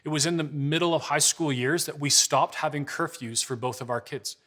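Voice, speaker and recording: In a fairly quick, somewhat high voice with a fairly bright tone, a forties-aged parenting speaker presents with slides. His delivery is storytelling and conversational, with dialogue acted out.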